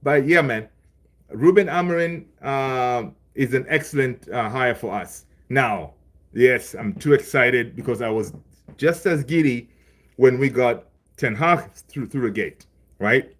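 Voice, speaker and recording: A man's voice: medium pitch, measured pace, fairly bright tone. A man hosting a casual live stream, reading chat and talking loosely, with lots of fillers and repeated phrases. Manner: loose and chatty, laughs along with viewers. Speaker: livestream host reading chat.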